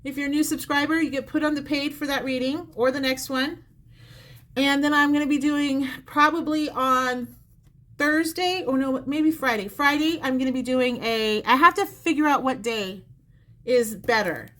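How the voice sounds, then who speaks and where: High-voiced woman giving a chatty psychic reading. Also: moderate pace, fairly bright tone. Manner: chatty, repetitive, addresses the viewer directly. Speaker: psychic reader. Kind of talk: live-stream psychic reading. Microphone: phone or close mic on a live stream.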